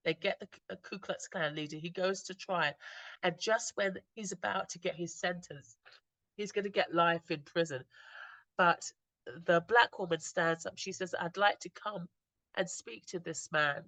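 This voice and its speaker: A woman slowly retelling moving stories in an earnest, reflective talk, often stopping and restarting her sentences. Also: on the low side, a bit bright, no echo. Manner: earnest, slow storytelling with frequent restarts. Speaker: inspirational speaker.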